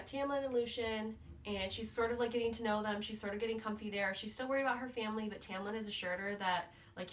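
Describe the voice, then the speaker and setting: A woman vlogger chats through a book recap in a loose, joking way, with "like" in nearly every sentence. She sits back from the microphone, so her mid-pitched voice sounds a little distant, with a faint hiss behind it. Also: fairly bright tone. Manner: chatty, playful, says "like" constantly. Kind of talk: casual spoiler book recap. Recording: voice somewhat far from the mic.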